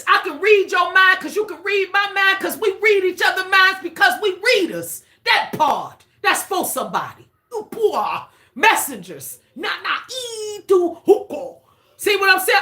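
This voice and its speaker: A woman giving a casual spiritual reading on a live stream, excitable and repetitive, swearing freely. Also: very high-pitched, normal speed.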